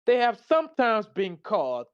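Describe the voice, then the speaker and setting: A man's voice: high-pitched, huge pitch swings, moderate pace, smooth, lo-fi sound. A tired man giving a casual, slangy presentation, reading slides aloud and reacting to them. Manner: loose, slangy, talks back to the slides.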